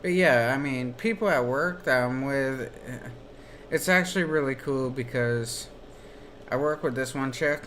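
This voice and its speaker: A man's voice: medium pitch, a bit bright, slight background noise. A man streaming while gaming, telling rambling stories in a casual chat. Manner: slow rambling storytelling.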